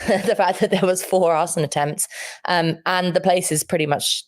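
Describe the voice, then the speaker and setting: Low-voiced woman commentator. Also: fairly even intonation, normal speed, dry recording, clean studio sound. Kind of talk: news interview.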